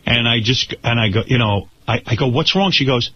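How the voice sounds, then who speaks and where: Husky-voiced man telling a radio story. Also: medium pitch, brisk, dry recording. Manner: animated storytelling, acting out quoted dialogue, stammering restarts. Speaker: radio show host. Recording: slightly dull radio broadcast sound.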